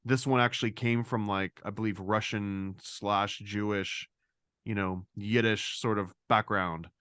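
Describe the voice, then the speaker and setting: Man, casual podcast co-host, animated delivery, dry close recording. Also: a little slow, smooth, no room sound. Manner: animated, acts out quoted lines in a higher voice.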